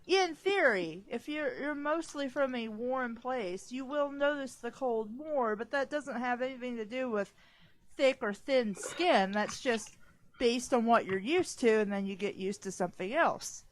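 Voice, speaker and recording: A woman co-hosting a comedic read-along, chatty and quick to laugh. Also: a little high, animated. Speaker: co-host. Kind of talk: casual comedic chat.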